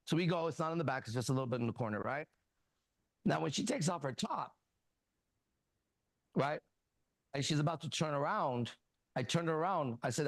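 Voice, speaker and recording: A man hosting a casual talk show, coaching a younger man bluntly and profanely and telling animated stories with quoted dialogue. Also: medium pitch, fairly quick, pauses often, no room sound. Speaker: host. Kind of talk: casual advice talk and storytelling.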